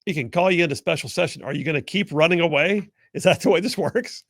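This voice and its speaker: A man's voice: fairly high pitch, fast talker, creaky, a bit bright, dry recording, clean studio sound. A man hosting a political talk show, delivering sarcastic commentary and mocking opponents in whiny put-on voices.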